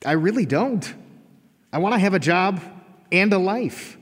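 A man's voice: high voice, animated, a little slow. An actor in a live radio drama playing an easygoing man who prefers being the office go-to guy, recorded on stage in a reverberant hall. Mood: sincere. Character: easygoing male office right-hand man.

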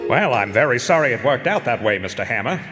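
A man playing a calm private investigator. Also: medium pitch, big-room sound, music in the background, close to an everyday voice. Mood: matter-of-fact. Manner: measured, matter-of-fact. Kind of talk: radio drama acting.

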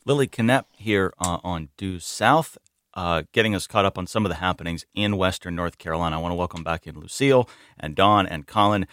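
A man co-hosting a radio news roundup, relaxed and conversational with frequent "uh" fillers. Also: low-pitched, brisk. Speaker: radio show co-host.

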